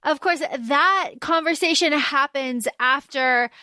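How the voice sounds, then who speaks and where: A woman's voice: sits high, slow pace, bright, forceful tone, no room sound, studio quality. A woman co-hosting a podcast, frankly and profanely recapping a book's plot in casual chat. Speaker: podcast co-host. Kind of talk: casual book-discussion chat.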